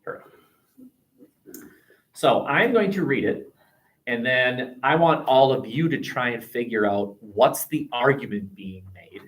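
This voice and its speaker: A man's voice: medium pitch, animated, unhurried, pauses often, fairly bright tone. A man with an American accent teaching a history class, talking in a chatty, digressive way with many restarts. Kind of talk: classroom discussion. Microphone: webcam.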